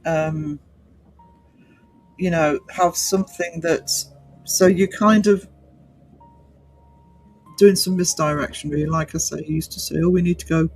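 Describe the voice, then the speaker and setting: A man's voice: on the high side, fairly even intonation, a little slow, long pauses, a little hiss or hum, poor audio. A man hosting a livestream, chatting casually through viewer comments with many fillers and restarts. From North East England. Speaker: livestream host.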